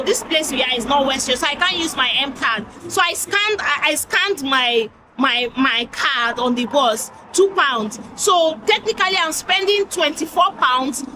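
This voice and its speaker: A young woman with a Nigerian accent speaks in a high voice, rambling and exasperated as she vents to her followers. She talks into a phone held at arm's length and slips into Pidgin now and then. Heavy traffic noise runs under her voice the whole time. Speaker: vlogger. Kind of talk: candid vlog rant. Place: outdoors at a bus stop by a road. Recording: loud street traffic behind.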